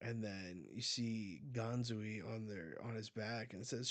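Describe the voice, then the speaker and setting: A man hosting a casual manga reaction, excitable and a little foul-mouthed as he narrates the panels. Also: fairly low pitch, slow pace, few pauses, no room sound. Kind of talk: casual live reading reaction.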